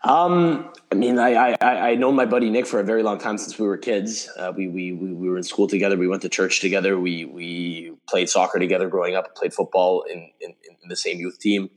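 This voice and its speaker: A man's voice: low voice, fairly even intonation, a little fast, hardly any pauses. A man talking as a podcast guest in a casual chat, often repeating words as he starts a sentence.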